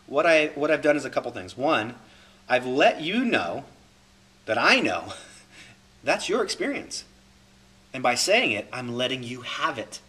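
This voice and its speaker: A male coach giving a class, his voice swinging widely up and down as he repeats his main points. The tone is bright and forward, and he works through example after example. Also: mid-range voice, sing-song, moderate pace. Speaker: holistic coach. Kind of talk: recorded class talk.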